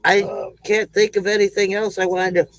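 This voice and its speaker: A man's voice: high-pitched, little pitch movement, normal speed, a bit bright, low-quality recording. A man hosting a casual livestream joke segment, folksy and rambling, chuckling between lines.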